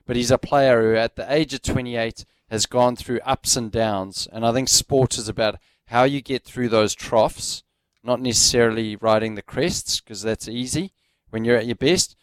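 A man's voice: medium pitch, moderate pace, clear, resonant tone. A man co-hosting a casual sports radio show, chatting enthusiastically and rambling a little with fillers. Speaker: radio co-host.

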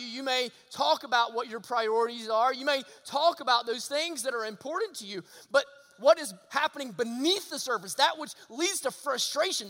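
Very high-voiced male preacher in reverb. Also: bright, forceful tone. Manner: earnest preaching with rhetorical questions. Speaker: pastor. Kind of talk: sermon. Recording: long hall reverb.

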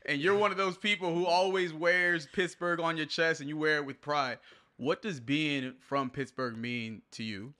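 A man's voice: on the high side, steady tone, normal speed, pushed and bright, no echo. A man co-hosting a podcast who asks questions in a slangy, laid-back, enthusiastic way. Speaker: podcast co-host. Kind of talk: casual interview talk.

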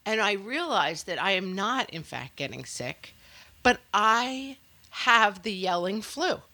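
Woman, 30s, co-host. Bright, lively delivery, playfully dramatic. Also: medium pitch, takes it slowly, no room sound. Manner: wry, self-mocking, playfully dramatic. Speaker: podcast co-host. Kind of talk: casual chat.

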